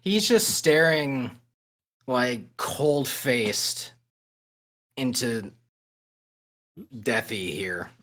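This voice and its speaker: A man playing a tabletop game, describing his character's actions in a halting way, pausing between phrases. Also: medium pitch, expressive, fairly bright tone. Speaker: player.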